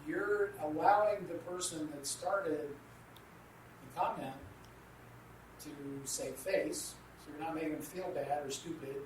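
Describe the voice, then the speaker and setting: A man's voice: fairly high pitch, measured pace. A man co-hosting a Christian radio talk about marriage, explaining with everyday examples in an earnest way. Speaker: co-host teaching a Christian marriage class. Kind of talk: casual radio discussion. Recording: echoey room, distant from the mic, noisy.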